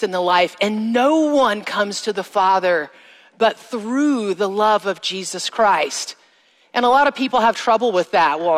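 A middle-aged woman sharing a personal testimony with an audience, speaking slowly and emphatically and drawing out her phrases. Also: medium pitch, a bit bright. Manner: slow, emphatic storytelling with drawn-out phrases. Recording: long reverb of a large hall.

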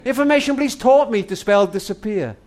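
Animated high-pitched storytelling man. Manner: tender, dramatic storyteller, often says "darling"; slows and drops to near-whisper for emphasis. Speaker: speaker on a family radio program. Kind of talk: storytelling talk.

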